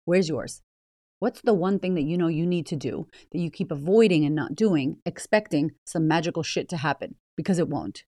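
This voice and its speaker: A woman's voice: sits low, moderate pace, mellow, no room sound, clean studio sound. A woman hosting a motivational podcast, blunt, swearing freely and firing rhetorical questions at the listener. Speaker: podcast host.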